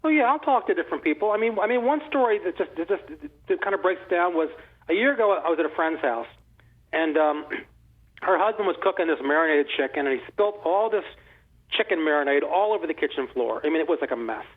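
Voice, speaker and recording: An older man in his sixties talks quickly and eagerly, his fairly high voice coming through a thin, phone-like line. He rambles through his stories with many restarts and self-corrections. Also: animated. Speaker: author and interview guest. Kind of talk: casual conversational storytelling.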